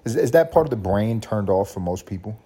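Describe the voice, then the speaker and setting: Profane rambling podcast host, dark low voice. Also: male voice, lively intonation, fairly quick. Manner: profane, rambling, laughs at own points; mock voices for quoted people. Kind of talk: solo podcast rant.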